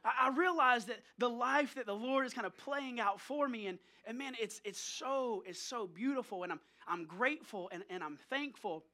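Very high-voiced, bright male pastor. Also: normal speed, hardly any pauses. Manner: playful, jokey storytelling to the congregation. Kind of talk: sermon with personal stories. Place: church service.

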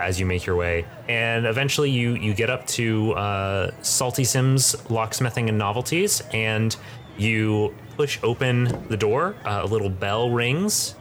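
A low-voiced man runs a tabletop game as game master, narrating in a halting, stop-and-start way. A faint ambience hums behind him. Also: a bit bright, slight background noise. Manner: halting, full of fillers and restarts.

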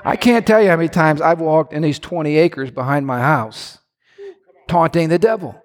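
A male pastor preaching a sermon, swinging between low, quiet asides and loud, shouted lines. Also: moderate pace, long reverb tail.

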